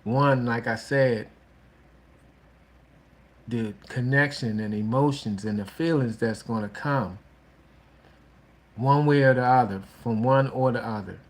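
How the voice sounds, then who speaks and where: A man talks about relationships in a slow, unhurried drawl, stopping and restarting his sentences as he goes. His pitch is mid-range and his advice sounds frank and casual. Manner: slow, halting, with many restarts and "you know". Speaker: relationship talk host.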